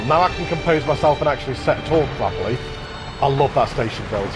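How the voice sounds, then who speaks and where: A man's voice: mid-range voice, animated, fairly quick, over music. A man hosting a casual live stream, touring and praising contest park builds with eager, effusive commentary. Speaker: livestream host touring contest parks.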